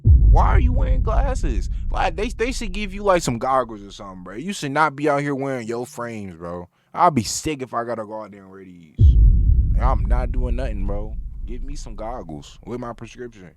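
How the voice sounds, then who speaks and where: A man's voice: mid-range voice, expressive, moderate pace, noisy background. A young man streaming himself as he reacts to a video, talking in loose slang and often laughing. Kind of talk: casual reaction chat.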